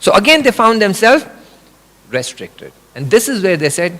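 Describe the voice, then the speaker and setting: A middle-aged man giving an animated religious lecture, explaining with examples. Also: high-pitched, normal speed. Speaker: religious speaker. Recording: long reverb of a hall.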